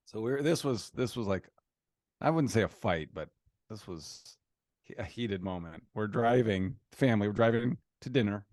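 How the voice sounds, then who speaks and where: A man's voice: fairly low pitch, a little slow, long pauses, no room sound, clean studio sound. A man in his thirties co-hosting a podcast, telling a family story in casual chat and acting out the quoted voices. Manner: animated storyteller, acts out quotes in raised voices. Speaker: podcast co-host.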